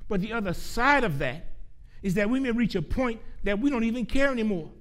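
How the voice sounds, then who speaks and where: A man preaching a sermon, earnest and emphatic, repeating key phrases and slowing down to stress quoted scripture. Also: high-pitched, lively intonation, a bit bright.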